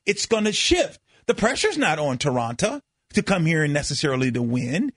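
A man co-hosting sports talk radio in a studio, animated and quick to interrupt, often repeating his words. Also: fairly high pitch, dry recording.

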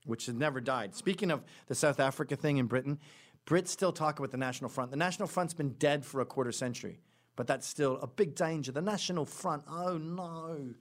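A man's voice: medium pitch, fast. A man hosting a podcast, telling a long casual story with many asides and self-corrections, and acting out the other people in it. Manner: acts out quoted voices in the stories. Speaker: podcast host.

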